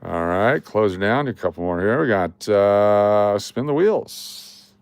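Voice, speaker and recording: Middle aged guy hosting a coin livestream, laid back and chatty, kinda low voice. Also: slow, clear, resonant tone, no room sound. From Las Vegas, Nevada. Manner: relaxed, chatty, reads viewer comments aloud. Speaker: livestream host running coin giveaways. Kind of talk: casual live-stream chat.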